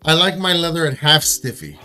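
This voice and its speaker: A leatherworker with a sharp, bright, fairly high voice jokes with his co-host. He speaks straight to viewers at times. Soft music sits under the talk. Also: expressive, brisk. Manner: joking, talks to viewers directly. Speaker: leather craftsman, show co-host. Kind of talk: casual chat.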